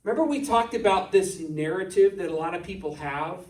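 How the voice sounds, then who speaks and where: A male pastor giving a sermon in a relaxed, conversational way, often putting rhetorical questions to his congregation. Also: sits high, brisk. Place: church sanctuary. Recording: echoey church room, distant mic.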